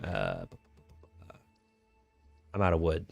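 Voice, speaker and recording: A man's voice: rumbling low, big pitch swings, drawn-out words, vocal fry, darkish tone, faint music behind. A young man streaming a game, chatting casually in a laid-back, rambling way with many fillers and restarts. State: hiccuping. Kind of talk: casual gaming stream chat.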